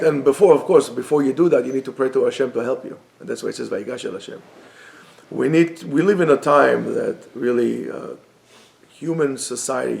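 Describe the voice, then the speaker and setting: A man teaching a Torah class, earnest and swinging from emphatic to soft and calm. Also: mid-range voice, vocal fry. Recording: echoey room.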